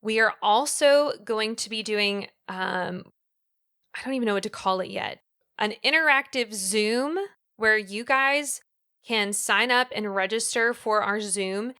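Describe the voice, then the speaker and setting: A woman co-hosting a podcast in casual chat, an animated storyteller who fills her talk with "um" and "like". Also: medium pitch, a little slow, clean tone. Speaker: podcast co-host.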